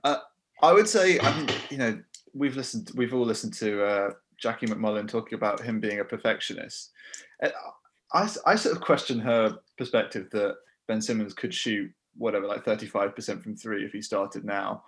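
A man's voice: fairly low pitch, moderate pace, fairly bright tone. A man with an anglicised Australian accent co-hosting a casual sports podcast, chatty and reasoning through his points. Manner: chatty, laughs often, builds reasoned points. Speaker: podcast co-host.

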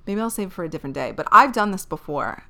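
A young woman with a bright, crisp voice hosts her podcast in a loose, rambling way. She gives blunt big-sister advice, swears casually and corrects herself as she goes. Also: on the low side, expressive, quick pace. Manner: chatty, rambling, self-correcting. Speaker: podcast host.

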